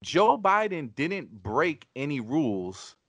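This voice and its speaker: A man's voice: fairly high pitch, very animated, slow pace, fairly bright tone, slightly rough, no room sound. Emphatic, profane man arguing on a podcast. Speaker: podcast host. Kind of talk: casual podcast debate.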